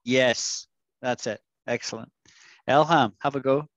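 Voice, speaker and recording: A man leads an online English vocabulary class over a video call, patient and coaxing as he sounds out each word slowly for his students. His voice sits at an ordinary middle pitch. The sound is dry, with no room echo. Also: fairly even intonation, dull audio. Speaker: English teacher.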